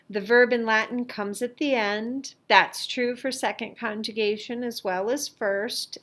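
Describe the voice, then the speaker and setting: Slow, careful woman teaching a lesson. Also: on the high side, a bit bright. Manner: slow, careful explanation with fillers. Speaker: Latin teacher. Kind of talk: worksheet review lesson.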